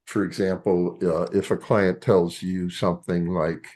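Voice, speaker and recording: An older man lecturing a class as a psychologist, halting and full of fillers and restarts. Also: low-pitched, flat delivery, darkish tone.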